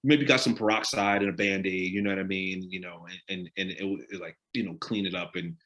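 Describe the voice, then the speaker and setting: A man leading a live discussion, asking the audience direct questions in an animated way. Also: low voice, brisk, dull audio. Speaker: discussion leader on a live stream. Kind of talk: interactive talk with the audience.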